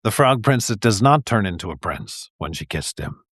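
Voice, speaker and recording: A man's voice: fairly low pitch, sing-song, normal speed, fairly bright tone, breathy edge, no echo, studio quality. A man hosting a livestream, reading a picture book aloud in a chatty, rambling way with many fillers. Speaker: livestream host reading stories. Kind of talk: casual read-aloud storytelling.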